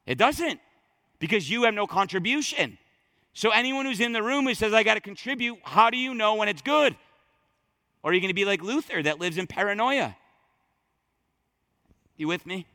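A man preaching a sermon to his congregation, talking straight to them with emphatic, conversational delivery that drops low and surges back up. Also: animated, normal speed, long pauses, pushed and bright. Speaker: pastor. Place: church sanctuary.

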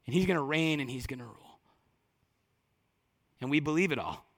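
A pastor preaching to his congregation, swinging from loud emphatic lines to hushed, slow ones. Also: on the high side, lively intonation, long reverb tail. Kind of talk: sermon.

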